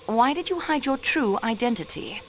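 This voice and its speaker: A woman's voice: a little high, animated, normal speed, a little hiss or hum, natural voice. A young woman voicing a poised, persistent amateur detective in a mystery game, dropping in French phrases. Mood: probing. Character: sharp young female sleuth, cool and persistent. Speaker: railway clerk acting as detective. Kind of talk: video game voice acting.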